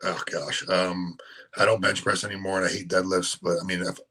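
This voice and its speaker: A man who coaches bodybuilding, answering interview questions in a relaxed, halting way with frequent ums. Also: low-pitched, slightly rough, low-quality recording. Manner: relaxed, hesitant, many ums and restarts.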